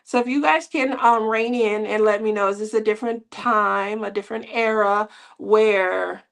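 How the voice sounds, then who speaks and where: A woman's voice: mid-range voice, fairly even intonation, normal speed, creaky. A middle-aged woman hosting a crafting channel, chatting casually with viewers in a rambling way and laughing often.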